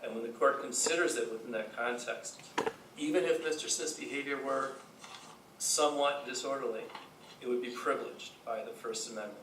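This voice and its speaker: Defense attorney, male, halting closing argument, far-off roomy courtroom sound. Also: medium pitch, noisy background. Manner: halting, many restarts and fillers. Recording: roomy courtroom audio from a distance.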